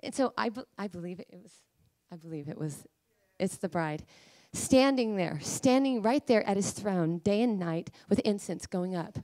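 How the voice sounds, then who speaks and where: A woman preacher delivering a sermon, emphatic and pleading, at times rising to high fervent cries. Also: expressive, normal speed, hardly any pauses, warm tone.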